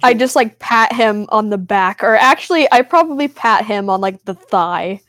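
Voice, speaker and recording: A woman playing a tabletop game, excitable and often laughing. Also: medium pitch, dry recording. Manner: excitable, laughs often, slow drawn-out speech. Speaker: player. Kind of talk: casual tabletop play.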